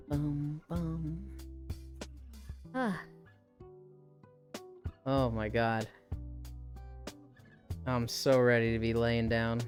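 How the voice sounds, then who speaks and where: Tired low-voiced Midwestern woman streamer. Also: steady tone, drawn-out words, long pauses, a little mellow, faint music behind. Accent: light Midwestern American. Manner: tired, chatty, swears casually. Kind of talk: casual live-stream chat.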